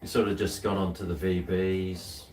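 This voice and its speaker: A man's voice: low-pitched, little pitch movement, moderate pace, a little mellow, echoey room, far from the mic. A man with an Australian accent, chatting casually as co-host of a live stream, rambling with many restarts. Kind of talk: casual chat.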